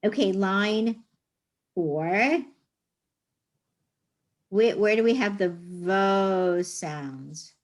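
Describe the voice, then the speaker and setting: A woman's voice: mid-range voice, extremely slow, pauses often. A woman teaching a reading class, patiently sounding out words and explaining rules. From United States.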